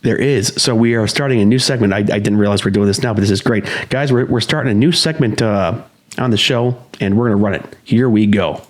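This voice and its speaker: Male podcast co-host, lower-pitched, chatty and tangent-prone; drifts off topic and laughs through his own lines. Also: brisk, slight background noise. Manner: rambling, goes off on tangents, laughs mid-sentence. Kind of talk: casual podcast chat.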